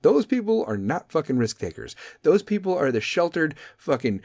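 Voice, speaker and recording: A male podcast host rants comedically, swearing freely with animated swings. His voice sits fairly high. The close mic sounds dry. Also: normal speed, hardly any pauses, no echo. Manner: profane, animated ranting. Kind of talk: comedic rant.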